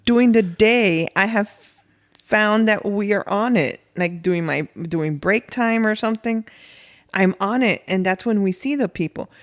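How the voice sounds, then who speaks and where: A woman co-hosting a podcast, chatting casually and acting out quotes in animated, playful storytelling. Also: medium pitch, normal speed. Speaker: podcast co-host. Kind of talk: casual chat.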